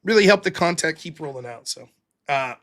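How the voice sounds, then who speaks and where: A man's voice: fairly high pitch, a little fast. A man with a Pittsburgh accent, hosting a live stream and rambling casually with swearing. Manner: rambling, profane, lively. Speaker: livestream host.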